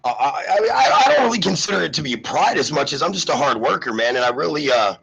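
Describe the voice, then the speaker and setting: Congested, raspy radio host man. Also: on the high side, big pitch swings, fast, lo-fi sound. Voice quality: raspy, gravelly. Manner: loose, rambling, gives shout-outs to listeners. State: congested, sick voice. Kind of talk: casual live radio chat.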